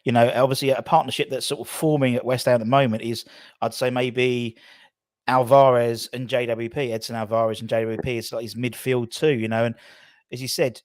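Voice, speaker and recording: A man's voice: medium pitch, level tone, brisk, dry recording. A male host runs a casual live chat for a fan channel, reading viewer questions and chipping in with eager agreement. His voice sits mid-range and sounds dry and close to the mic.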